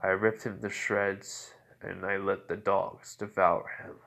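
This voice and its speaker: A man voicing a teenage boy who has become a vampire, speaking calmly and flatly with quiet menace in a fan story. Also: lowish voice, moderate pace. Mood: cold. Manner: calm, flat, menacing. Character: teenage boy turned calm, cold vampire.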